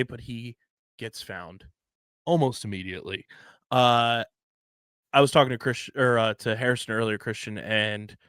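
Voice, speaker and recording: A man's voice: medium pitch, a bit bright, clear, resonant tone, no room sound. Guy recapping a tv episode on a podcast, jokey asides, dead dry mic, mid voice. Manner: narrates plot points with jokey asides and fillers. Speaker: podcast co-host.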